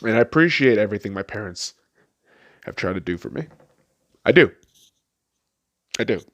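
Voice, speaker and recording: A man's voice: lowish voice, animated, moderate pace, fairly bright tone, muffled recording. A man in his late twenties, a podcast host, swearing a lot and repeating himself as he tears up over a personal memory. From Las Vegas, USA. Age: late 20s. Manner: profane, repetitive, tearful. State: tearing up. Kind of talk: emotional personal monologue.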